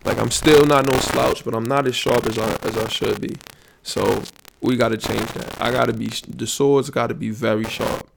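A male podcast host in casual solo talk, rambling through slang and restarts with low energy. His voice has a gravelly fry at a middle pitch. The recording carries steady background noise. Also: moderate pace.

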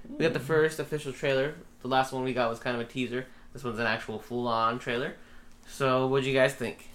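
A relaxed man hosting a podcast, rambling with plenty of filler words. His voice sits at an ordinary middle pitch. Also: fairly quick. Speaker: podcast host. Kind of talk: casual chat.

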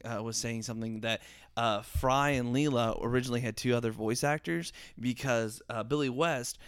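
Male co-host, mid pitch, smooth clear tone, dry close sound; loose, rambling casual talk. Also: fairly bright tone, dry recording. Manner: rambling, many fillers and restarts. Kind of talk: casual review chat.

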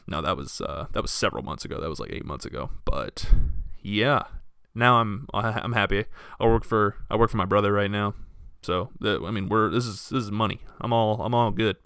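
A man's voice: on the low side, a little fast, vocal fry, few pauses, clean tone, no room sound, clean studio sound. Young man ranting on a solo podcast. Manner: casual, profane, storytelling with animated quoted voices. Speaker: podcast host.

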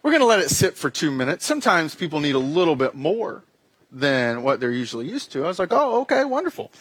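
A man's voice: fairly high pitch, sing-song, quick pace, a bit bright. A young man telling a comic personal story in a talk, acting out the dialogue and making sound effects. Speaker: speaker giving a weekly message.

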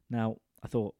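A man's voice: warm tone, no echo, studio quality. A man telling a crude, rambling comic story into a microphone, often checking in with his listeners. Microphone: studio microphone.

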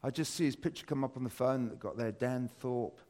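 A British man in his fifties tells a personal story during a church talk. His delivery rambles with frequent fillers and restarts, and his voice lifts with excitement. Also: mid-range voice, a little fast. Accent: British English. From Britain. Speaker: church speaker.

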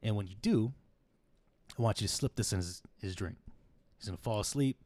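Man playing a low-voiced, matter-of-fact pimp, firm and dry. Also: a little fast, a little mellow, no room sound, lightly acted. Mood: instructing. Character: cold calculating male pimp, middle-aged.

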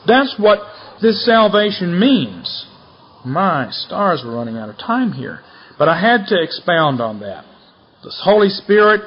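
A man's voice: fairly high pitch, breathy edge. A man preaching a sermon, reading scripture aloud with rising intensity and talking casually in between. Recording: dull lo-fi recording.

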